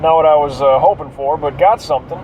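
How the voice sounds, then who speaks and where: A fast-talking vlogger with a fairly high male voice drives while talking to himself in a casual monologue, rambling, swearing at traffic and wandering between topics. He's tired and yawning. The recording, made inside the moving car, is dull and lo-fi with faint road noise underneath.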